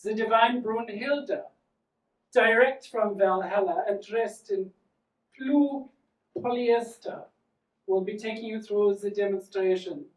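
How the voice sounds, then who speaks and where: A man's voice: high voice, slow pace. A man voicing a sassy, sarcastic German male flight attendant with a German accent. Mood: campy. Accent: German, put on. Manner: campy, sarcastic. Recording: roomy theatre, from far off.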